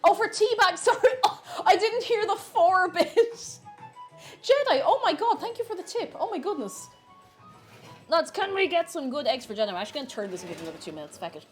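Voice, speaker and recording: A woman's voice: extremely high pitch, big pitch swings, brisk, faint music behind. A woman chatting casually while baking live in her kitchen, laughing often and reading out chat messages.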